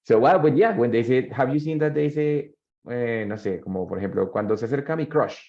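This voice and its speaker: A man, his voice gravelly and dark. He talks patiently, explains in both languages and keeps checking in with his students. The sound is dull and lo-fi, like an online call. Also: mid-range voice, quick pace. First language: Spanish. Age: 30s. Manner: patient, repeats phrases and checks in with "ready?". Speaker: English teacher. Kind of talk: online English class, mixing Spanish explanations.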